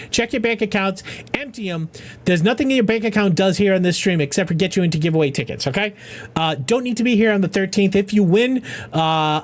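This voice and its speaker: A middle-aged man hosting a casual charity game livestream, talking loosely and profanely, often restarting his sentences. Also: sits high. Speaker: charity gaming streamer.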